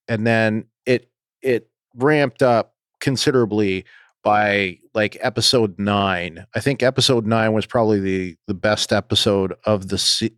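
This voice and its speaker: A man co-hosting a podcast, talking casually and haltingly with many ums and restarts. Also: lowish voice, clear, resonant tone, no echo, clean studio sound. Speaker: podcast co-host.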